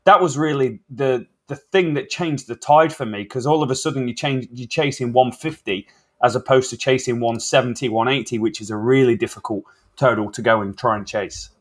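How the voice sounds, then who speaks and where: A man's voice: mid-range voice, fairly quick. A man hosting a cricket podcast, talking in an upbeat, matey way with easy banter. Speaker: podcast host. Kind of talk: casual cricket chat.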